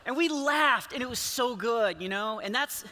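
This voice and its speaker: A man's voice: extremely high pitch, lively intonation, normal speed, sharp tone, a little hiss or hum. A man in his forties doing rambling, self-deprecating stand-up comedy in a church, often laughing at his own jokes. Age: 40s. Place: large church hall with a live audience. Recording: long hall reverb.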